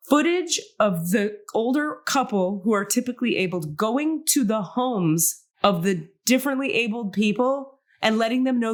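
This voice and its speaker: A middle-aged woman hosting a podcast in casual chat, emotional and gushing, talking in quick bursts with restarts. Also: mid-range voice. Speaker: podcast host.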